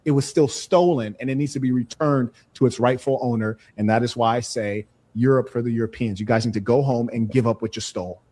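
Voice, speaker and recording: A man's voice: medium pitch, steady tone, a little fast, hardly any pauses, mellow. Insistent man lecturing in an argument. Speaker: speaker in a played live clip. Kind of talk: heated argument.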